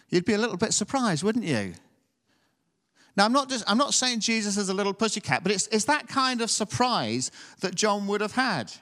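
A man's voice: high voice, a bit bright, in a large hall. A man preaching a sermon, reading scripture and then talking conversationally, often asking the congregation tag questions.

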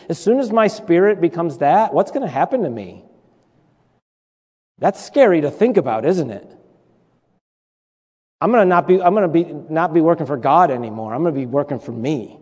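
A man's voice: on the high side, a little mellow. A man delivers a sermon in a church. His voice carries a long reverb through the hall. He preaches conversationally, with humor, repetition and asides to the congregation. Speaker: pastor. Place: church sanctuary.

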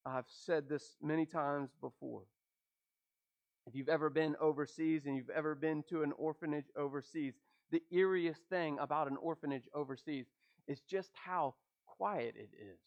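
A man preaching a sermon, asking rhetorical questions and dropping his voice low at the ends of phrases. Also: normal speed, highs cut off. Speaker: pastor.

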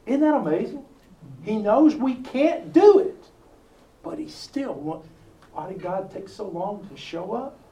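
Lively preacher in a roomy hall. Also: male voice, high-pitched, a little slow. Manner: animated storytelling with asides and jokes. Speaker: preacher teaching a Bible study. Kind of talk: sermon. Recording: roomy sound from far off with faint ambience.

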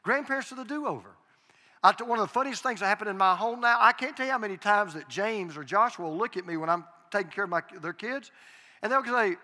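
Preaching with a high, animated voice that sounds pushed and bright, an older pastor moves a little fast through his sermon. He relies on sincere, confessional stories and forceful repetition. The church sanctuary adds a long hall reverb.

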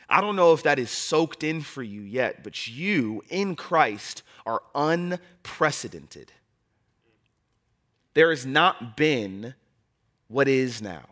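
A man's voice: mid-range voice, expressive, slow pace, fairly bright tone. A young man preaching a sermon as pastor, repeating key phrases and building toward impassioned preaching.

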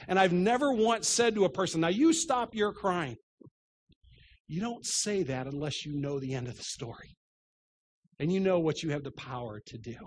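A middle-aged male pastor preaching a sermon, telling stories with self-deprecating humor and swinging between loud and hushed delivery. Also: high voice, a little hiss or hum.

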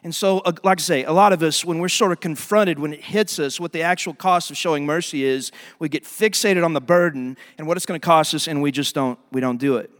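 A man preaching a sermon as pastor, telling stories in an animated way and acting out the people in them. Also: fairly high pitch, fairly quick, hardly any pauses, big-room sound. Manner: animated storytelling with voiced asides.

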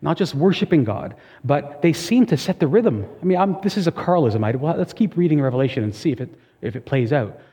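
A man's voice: fairly high pitch, animated, a little fast, hardly any pauses, dark tone, breathy edge. Man preaching in a reverberant hall. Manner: conversational preaching, emphatic asides. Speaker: pastor. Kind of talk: sermon.

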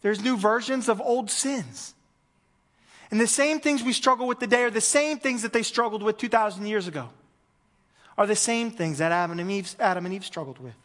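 A man, a pastor preaching a conversational sermon, swinging between loud emphasis and hushed moments. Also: high-pitched, moderate pace, in a large hall.

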